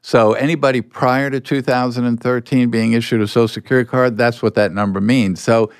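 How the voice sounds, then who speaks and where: An older man, a guest being interviewed, telling anecdotes in a relaxed way and acting out bits of dialogue. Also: mid-range voice, fairly quick, smooth, dry recording, studio quality. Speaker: guest, former con artist. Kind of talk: storytelling interview answers.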